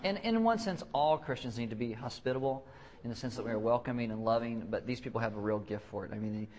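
Man, young adult, pastor, casual joking sermon, middle pitch, repeats words, restarts sentences, acts out quick voices. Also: darkish tone, slight background noise.

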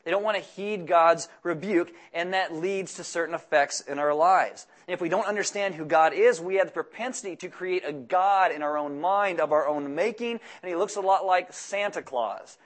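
A man preaching to his church in an easy, chatty way, dropping deadpan jokes between the verses he reads. His voice sits a bit higher than most men's. He sounds like a pastor talking straight to his own people. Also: normal speed, hardly any pauses. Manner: conversational, joking asides between scripture readings. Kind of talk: sermon.

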